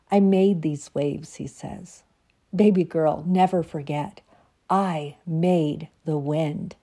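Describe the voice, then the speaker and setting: A woman podcast host reading her own reflective devotional piece aloud in a soft, unhurried way, then chatting casually with listeners. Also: deep voice, breathy edge.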